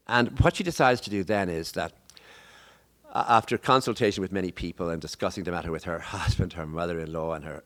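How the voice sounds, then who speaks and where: A man with an Irish accent, an author speaking on stage at a live book event. He tells stories in a rambling way, with asides and restarts. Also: sits low. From Ireland. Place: stage before a live audience.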